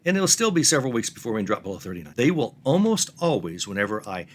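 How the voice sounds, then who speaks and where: A man's voice: medium pitch, big pitch swings, fast. Man, middle-aged, earnest instructor, plain step-by-step talk. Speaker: online reselling instructor.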